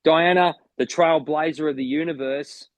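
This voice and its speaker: Aussie guy rambling on his podcast, excited, keeps restarting, mid pitch, dry sound. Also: moderate pace, no room sound. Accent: Australian. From Australia. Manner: enthusiastic, rambling, with frequent restarts. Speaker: podcast co-host and motivational coach. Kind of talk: casual chat.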